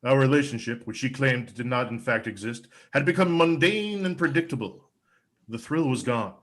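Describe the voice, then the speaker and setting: A man doing a deadpan spoof commercial, with a dry, formal, mock-earnest delivery. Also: mid-range voice, normal speed. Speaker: comedian performing a mock ad. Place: home video stream.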